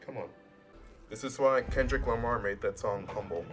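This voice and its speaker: A man's voice: medium pitch, moderate pace, soft background music. A young man casually commentating a video game as he plays, swearing often, cracking sarcastic jokes and talking back at the characters. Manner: profane, sarcastic, jokey. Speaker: gaming channel host. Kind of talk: casual let's play commentary.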